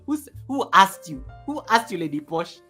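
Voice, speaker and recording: A man hosts a casual live stream from home and reads his viewers' comments aloud with animated, chatty energy, chuckling often. He talks close to a desk microphone, and a little music plays softly behind him. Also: high-pitched, moderate pace. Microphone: USB desk microphone.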